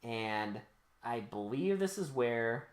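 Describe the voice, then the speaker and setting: A man's voice: medium pitch, expressive, slow. Guy cohosting a podcast, swears a lot, jokey movie recap, does little voices for the characters. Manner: profane, joking, acts out characters' lines. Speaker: podcast co-host. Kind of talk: casual movie recap chat.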